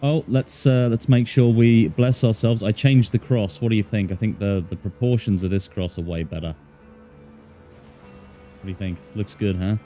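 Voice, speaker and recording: A man's voice: fairly low pitch, fairly even intonation, moderate pace, dark tone, soft background music. A man chatting casually to his viewers while he plays a game on a livestream, jokey and talking to himself. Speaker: streamer. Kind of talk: casual gaming livestream chat.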